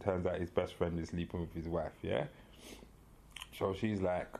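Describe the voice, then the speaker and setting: A man in casual podcast chat, telling a long story with slangy, animated energy. His voice sits low, and he laughs often as he talks. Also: normal speed, creaky, slight background noise. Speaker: podcast co-host.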